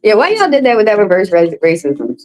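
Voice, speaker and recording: A woman hosting a casual livestream card reading, talking loosely and profanely to viewers, her voice leaping up high when she reacts. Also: huge pitch swings, fast talker, low-quality recording. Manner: loose, profane, chatty, talks straight to viewers.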